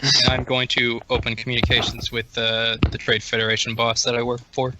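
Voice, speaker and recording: A man playing a tabletop game, describing his moves in a relaxed, matter-of-fact way. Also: mid-range voice, a little fast, heavy background noise. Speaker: player.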